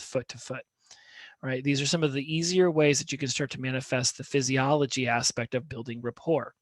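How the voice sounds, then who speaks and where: A man's voice: medium pitch, a bit bright, no echo. Casual man coaching, dry close sound. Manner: conversational, peppers points with "right?". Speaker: communication coach. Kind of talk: instructional talk to camera.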